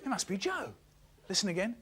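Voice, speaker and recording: Wildly animated man telling a story. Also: sits high, brisk. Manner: playful, swings between many put-on voices. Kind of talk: animated comic storytelling, remixed. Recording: loud background noise.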